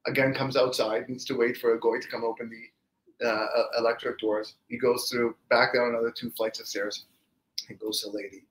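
A man, a rabbi, giving a storytelling Torah class and lively acting out the quoted speech of the people in his stories. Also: mid-range voice, fairly quick, roomy sound, poor audio.

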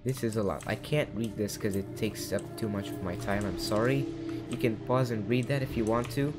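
A man's voice: fairly low pitch, fairly even intonation, normal speed, loud music behind the voice. A young man giving casual commentary over a game, reading in-game text aloud with joking asides. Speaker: gaming channel host.

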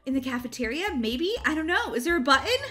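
A woman's voice: sits high, expressive, fast, sharp tone, faint music behind. A woman, a mother in her thirties, giving bubbly commentary on a game she plays, with squeals and sound effects. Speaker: gaming channel host. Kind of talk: excited Roblox gameplay commentary.

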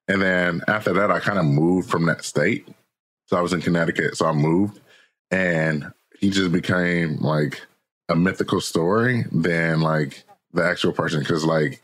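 An American man, a podcast guest and author, telling stories in a casual, slangy, animated way and laughing often. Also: low voice, breathy edge. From United States. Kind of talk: casual interview chat.

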